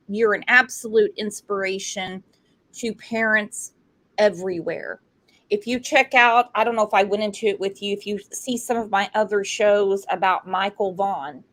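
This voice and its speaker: A woman's voice: medium pitch, fairly bright tone. A woman hosting a true crime livestream, interviewing a guest in an effusive, encouraging way. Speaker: true crime channel host.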